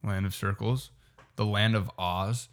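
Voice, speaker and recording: A man's voice: on the low side, fairly even intonation, measured pace. A young man co-hosting a podcast in a casual, slangy chat, swearing freely.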